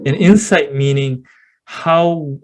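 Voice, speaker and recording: A man speaking as a podcast guest in casual interview talk, an animated storyteller who acts out scenes and uses many fillers. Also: a little high, slow. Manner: many fillers like "you know".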